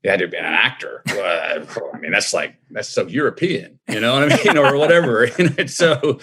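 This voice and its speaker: Man, husky voice, middle-aged, slow reflective storyteller, interview guest. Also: on the low side, bright, forceful tone.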